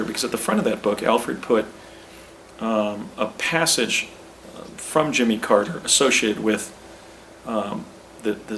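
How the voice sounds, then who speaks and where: A man's voice: medium pitch, creaky, fairly bright tone, slight background noise, poor audio. A middle-aged man giving a presentation with slides, rambling with many restarts and a little out of breath. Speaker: speaker recounting personal claims.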